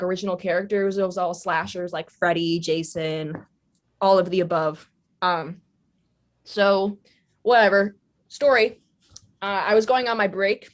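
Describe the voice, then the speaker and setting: A young adult woman tells stories on a podcast. She rambles casually and fills her sentences with "like" and "uh". Her voice sits at an ordinary middle pitch. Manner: chatty, rambling, many fillers. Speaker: podcast guest. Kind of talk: casual storytelling.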